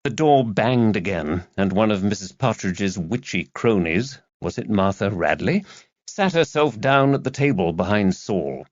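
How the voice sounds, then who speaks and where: Male narrator, low voice, expressive, dull dry lo-fi sound. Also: unhurried, no room sound. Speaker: audiobook narrator. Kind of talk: scripted narration.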